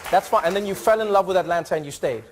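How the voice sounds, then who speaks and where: A man's voice: high-pitched, racing, over a noisy crowd, heavy background noise. A man, a comedian host, joking animatedly with a live studio audience and slipping into funny accents. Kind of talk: improvised crowd work.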